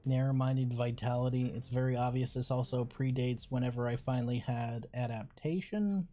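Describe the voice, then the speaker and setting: A man's voice: medium pitch, fairly even intonation, moderate pace, soft background music. A young man streaming a game, rambling casually and swearing now and then. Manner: rambling, swears, loud squeals. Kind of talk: casual gaming commentary.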